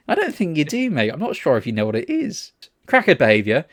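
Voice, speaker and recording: A man's voice: fairly high pitch, sing-song, quick pace, no room sound, clean studio sound. A man from England co-hosting a podcast, telling anecdotes in casual chat with swearing and laughter. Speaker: podcast co-host.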